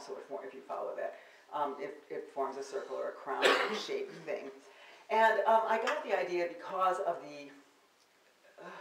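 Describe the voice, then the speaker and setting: Low-voiced older woman reading poetry, roomy. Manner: wry, theatrical delivery of verse. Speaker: poet giving a reading. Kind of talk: public poetry reading with spoken asides. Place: bookstore reading room. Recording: roomy, distant live-event recording.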